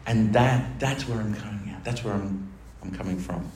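A man's voice: lowish voice, normal speed, a little mellow. A man preaching a sermon to his church, in a chatty, joking way. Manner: chatty, jokey preaching with laughs. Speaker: pastor. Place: church hall. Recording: roomy church recording with faint noise.

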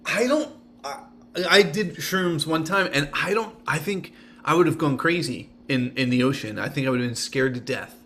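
A man co-hosting a casual podcast, reacting and asking quick questions with stumbling restarts. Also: fairly high pitch, a bit bright, a little hiss or hum. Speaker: podcast co-host. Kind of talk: casual chat.

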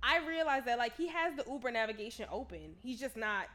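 Woman, high voice, casual storytelling, animated, salty language. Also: fairly quick. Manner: animated, acts out quotes, swears freely.

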